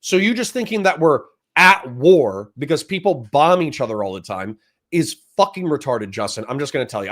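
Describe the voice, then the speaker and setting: A man's voice: mid-range voice, fairly bright tone. Profane ranting male streamer. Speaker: livestreamer reacting to a debate. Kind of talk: live-stream commentary.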